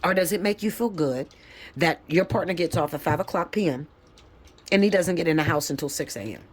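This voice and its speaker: A woman giving a live tarot reading, lecturing her viewers bluntly and with plenty of swearing. She turns emphatic and leaps up high when she gets fired up. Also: expressive, a little fast, breathy edge. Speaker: tarot reader.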